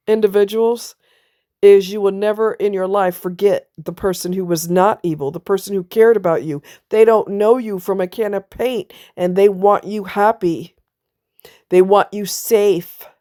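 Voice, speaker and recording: A woman's voice: medium pitch, fairly even intonation, a little slow, dark tone, no echo, studio quality. A woman vlogger telling a personal story in a blunt, emphatic way, now and then swearing. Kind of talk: casual personal monologue.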